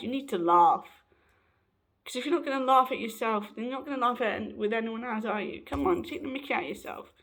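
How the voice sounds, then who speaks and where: A man's voice: sits high, a bit bright. A young trans man, giving a chatty, joking pep talk to camera. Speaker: vlogger.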